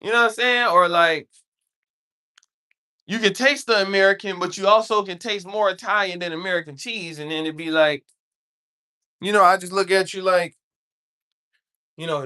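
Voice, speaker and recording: Bright-voiced rambling livestreamer. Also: medium pitch, normal speed, pauses often, clear, resonant tone. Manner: meandering, repeats "you know what I'm saying" often. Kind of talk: casual rambling livestream chat.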